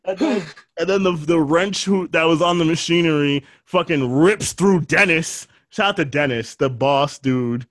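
A man co-hosting a casual podcast, joking and swearing as he retells movie scenes and acts out the characters' lines. His voice sits a little high for a man. The sound is close and dry, with no room echo. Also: moderate pace. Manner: loose, profane, jokey retelling with quoted voices. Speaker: podcast co-host. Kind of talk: casual chat recapping movies.

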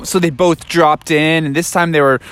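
A man improvising a story for a child, animated and full of sound effects. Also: fairly high pitch, moderate pace, slight background noise.

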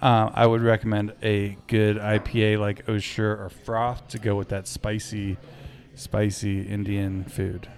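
A man's voice: lowish voice, flat delivery, unhurried, a little mellow. A man co-hosting a podcast in a casual, joking chat and signing off the episode. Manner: upbeat, joking, wraps up the show. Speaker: podcast co-host.

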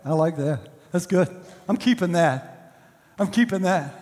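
A smug, complacent believer mutters his self-satisfied approval, as a preacher acts him out. The voice sits high for a man, and a long hall reverb trails each phrase. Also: lively intonation, measured pace, a little mellow. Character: complacent believer picking favorite verses, adult man.

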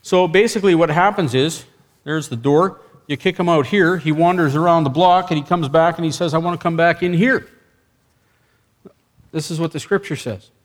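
A man preaching a sermon, telling a story with lively acted dialogue and sudden bursts of excitement. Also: on the high side, a little fast.

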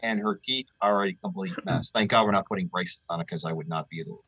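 A man co-hosting a comedic radio talk show, telling rambling farm stories in a deadpan way over a video call. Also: low-pitched, fast talker, breathy edge, dry recording, rough recording. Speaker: co-host. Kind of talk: casual comedic banter.

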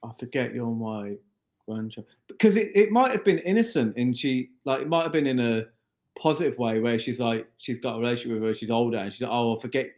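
A man's voice: mid-range voice, fast, darkish tone. A man co-hosting a podcast in casual chat, often restarting his sentences as he thinks aloud. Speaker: podcast co-host.

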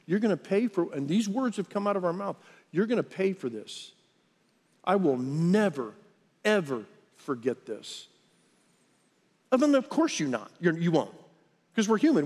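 Male pastor, sermon delivery, slightly higher voice, conversational, long hall reverb. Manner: conversational, with lively acted quotes.

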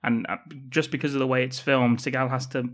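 A man's voice: mid-range voice, flat delivery, fairly quick, a bit bright. A man co-hosting a podcast, casually recapping a film's plot with dry, sweary remarks. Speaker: podcast co-host. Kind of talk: casual film-review chat.

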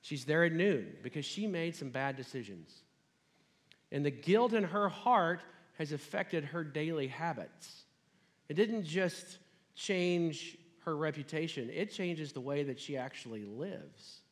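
A man's voice: a little high, animated, a little slow, long reverb tail. A man preaching a sermon in a conversational, casual way, retelling a scripture story.

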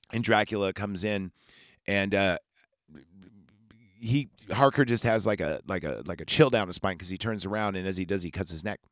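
A man's voice: deep voice, normal speed, long pauses, dry recording, studio quality. A man recapping a movie on a podcast in a casual, rambling, profane and jokey way. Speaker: podcast host.

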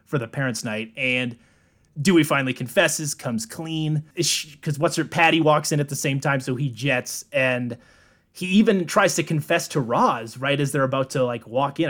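A young man co-hosting a podcast, recapping a film in a relaxed, joking way, laughing often and swearing. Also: medium pitch, moderate pace. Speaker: podcast co-host. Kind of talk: casual movie recap chat.

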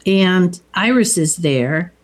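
Lowish-voiced woman chatting casually. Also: animated, takes it slowly. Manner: conversational, tentative, checks details. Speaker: co-host recapping a film. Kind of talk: casual chat.

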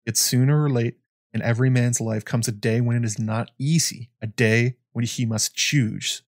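A man's voice: mid-range voice, fairly even intonation, moderate pace, no room sound, clean studio sound, natural voice. A man reading aloud as an ancient, blind, weary male scholar, solemn and reflective. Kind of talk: reading a novel passage aloud.

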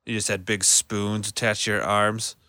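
A man's voice: lowish voice, little pitch movement, moderate pace, sharp tone, no echo. A man in casual chat, laid-back, chiming in with short reactions and swearing.

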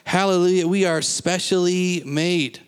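A man's voice: high voice, fairly even intonation, a little slow, clean tone. Emphatic preacher man in reverberant hall. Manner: emphatic, repeats phrases, asks the congregation questions. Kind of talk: sermon. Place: church.

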